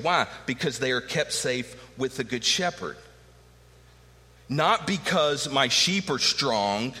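A man's voice: mid-range voice, bright, forceful tone. A middle-aged man preaching a sermon with emphatic rhetorical questions. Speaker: pastor. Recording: long hall reverb.

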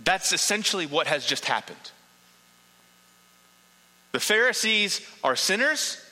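A man's voice: high-pitched, big pitch swings, unhurried, bright, forceful tone, big-room sound, low-quality recording. A man preaching a sermon, earnest and emphatic, building points through repetition.

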